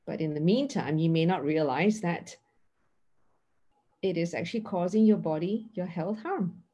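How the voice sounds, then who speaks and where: A middle-aged woman giving an earnest mindfulness teaching talk, acting out dialogues with lively emphasis. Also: lowish voice, moderate pace, highs cut off.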